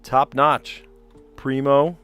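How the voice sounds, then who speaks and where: A man's voice: mid-range voice, level tone, extremely slow, fairly bright tone, clear, resonant tone, faint music behind. A man hosting a casual livestream, reading puzzle clues aloud and drifting into chatty, amused asides. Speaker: livestream host solving word puzzles.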